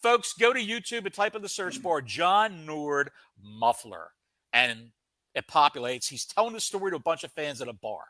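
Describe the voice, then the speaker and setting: A man co-hosting a podcast, telling a story in a casual, comic way with dramatic pauses. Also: a little high, big pitch swings, bright, forceful tone, no room sound. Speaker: podcast co-host.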